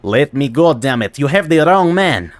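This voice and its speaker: A man voicing a desperate accused arsonist who shouts and pleads his innocence. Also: a little high, moderate pace, no room sound, soft background music, voice pushed up, lightly acted. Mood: outraged.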